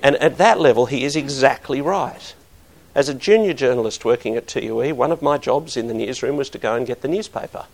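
Aussie guy preaching a sermon, middle-aged, gravelly voice, earnest, gets loud and punchy. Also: medium pitch, fairly quick. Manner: earnest, building to emphatic bursts.

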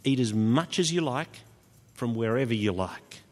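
A man preaching an expository sermon, changing his pitch and loudness for emphasis. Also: expressive, a little slow, soft background music. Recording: long hall reverb.

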